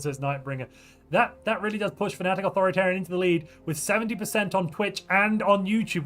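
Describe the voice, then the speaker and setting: A man's voice: high-pitched, fairly quick, fairly bright tone. A man casually commentating a strategy game on a livestream, thinking aloud and reacting to viewer chat in a playful way. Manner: playful, muses aloud while weighing options. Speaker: game streamer. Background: faint background music.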